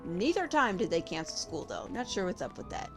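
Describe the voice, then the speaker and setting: Lively, slightly gravelly woman streamer. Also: on the low side, fairly quick. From California. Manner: chatty, answers chat, thinks aloud. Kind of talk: casual live-stream chat while gaming. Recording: game music playing behind.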